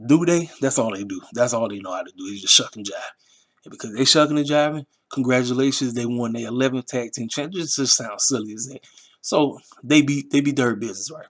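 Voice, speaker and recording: A man's voice: medium pitch, fast, a bit bright. Emphatic, rambling man reviewing wrestling. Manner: rambling, emphatic and repetitive, with slang. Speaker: wrestling review channel host. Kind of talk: casual commentary.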